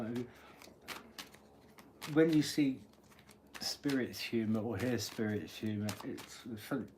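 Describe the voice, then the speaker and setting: A man giving a live-stream tarot reading, thinking aloud as he draws cards and often clearing his throat. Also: mid-range voice, noisy background. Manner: musing aloud while drawing cards, frequent throat-clearing. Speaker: tarot reader.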